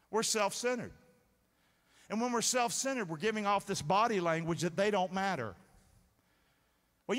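Male pastor, high and lively voice, call-and-response preaching, echoing sanctuary. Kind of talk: sermon. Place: church sanctuary. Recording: reverberant sanctuary sound.

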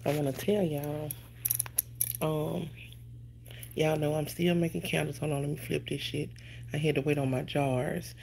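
A woman's voice: sits low, vocal fry, darkish tone, slight background noise. A woman hosting a casual live stream at home on her phone, greeting viewers by name and swearing casually.

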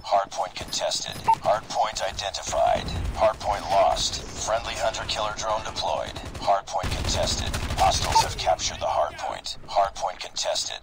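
Gruff, terse military announcer; gravelly, lively delivery over roaring gunfire. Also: male voice, lowish voice, measured pace, pauses often, very noisy. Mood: clipped commanding. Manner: terse, commanding. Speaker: in-game announcer. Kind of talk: clipped military callouts. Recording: loud game gunfire behind. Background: gunfire and explosions.

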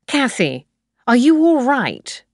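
A woman reading the lines of a kind young male farmer in a storybook, speaking softly and slowly. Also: high-pitched, wildly swooping pitch, no room sound, clean studio sound, pitched above the performer's own voice, heavily acted. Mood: gentle.

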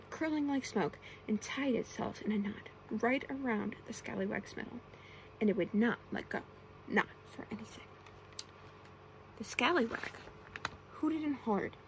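A woman reading a bedtime storybook aloud in a soft-spoken ASMR style, gentle and slow, with brief asides to the listener, close to the microphone. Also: fairly high pitch, a little hiss or hum, low-quality recording.

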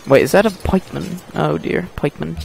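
A man's voice: on the high side, fairly quick, gravelly, a little mellow, a little hiss or hum. A man giving casual gameplay commentary, muttering and joking to himself as he plays. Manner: mutters and jokes to himself while playing. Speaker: gameplay host.

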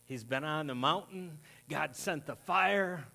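Man preaching a lively sermon. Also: measured pace, gravelly. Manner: storytelling, acts out quoted voices with rising pitch. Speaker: pastor. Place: church sanctuary.

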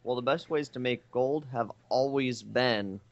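A man co-hosting a casual gaming podcast, explaining things in a relaxed, self-deprecating way. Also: mid-range voice, unhurried. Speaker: podcast co-host. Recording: dull lo-fi podcast audio.

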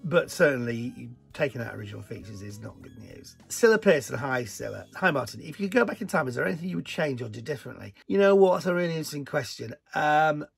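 A middle-aged man from the north of England talks through viewer questions in a relaxed, chatty way. His voice has a gravelly edge and an animated, joking manner. Faint music plays underneath. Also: medium pitch, fast, few pauses. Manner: chatty, animated, jokey asides. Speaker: presenter answering viewer questions. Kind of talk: casual Q&A chat.

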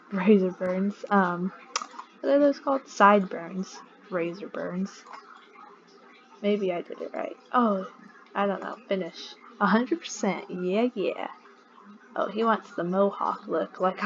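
A woman drawls through a game at an unhurried pace, laughing at her own mistakes and bantering with the characters on screen. Her voice comes through slightly muffled, with a faint hiss underneath. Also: mid-range voice, fairly bright tone. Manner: giggly, chatty, talks to the game characters. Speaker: let's play gamer. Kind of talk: casual gameplay commentary.

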